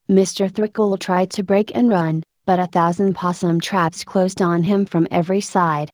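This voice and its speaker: A woman narrating a story aloud in a measured, expressive audiobook style. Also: fairly low pitch, dry recording.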